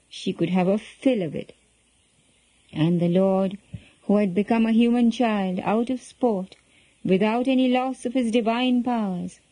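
A woman reading a children's story aloud in a gentle, expressive storytelling manner. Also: a little high, no echo, poor audio.

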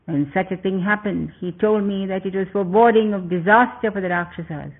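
A man voicing a fierce, gruff female demon gatekeeper in a storybook reading, over a tinny phone-like recording. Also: high-pitched, a little fast. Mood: resigned. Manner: gruff and commanding.

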